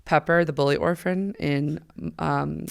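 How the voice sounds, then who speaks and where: A woman hosting a podcast, chatting casually in a quick, animated way with frequent laughs. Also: low voice, creaky, clean tone. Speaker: podcast host. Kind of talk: casual chat.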